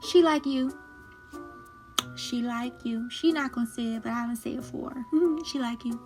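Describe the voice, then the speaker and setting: A woman's voice: on the high side, moderate pace, over music. A woman recapping a series episode in a casual chat, laughing often and teasing the characters as if she were talking to them. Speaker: show recap host. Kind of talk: casual reaction commentary.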